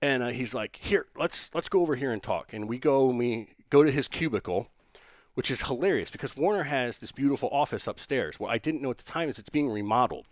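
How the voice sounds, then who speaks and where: A man, a business owner telling a lively story in an interview, restarting sentences and acting out the people he quotes. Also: mid-range voice, fast, no room sound, clean studio sound.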